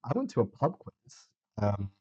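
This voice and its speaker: Rambling young man, husky voice. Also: medium pitch, wildly swooping pitch, moderate pace, a little mellow. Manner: rambling, sardonic, lots of fillers. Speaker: podcast host. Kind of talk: casual solo monologue. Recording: dull lo-fi sound.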